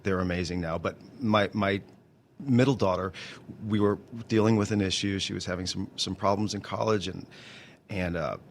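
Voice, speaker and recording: A man's voice: deep voice, steady tone, a little hiss or hum. A man in his fifties, a guest in an interview, talking candidly with many halts and restarts. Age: 50s. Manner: halting, many restarts and repeated words. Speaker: interview guest, actor and songwriter.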